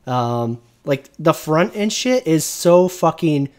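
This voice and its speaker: A man's voice: a little high, expressive, slow pace, darkish tone. Profane ranting male streamer. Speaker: streamer host. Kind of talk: casual chat reacting to a video.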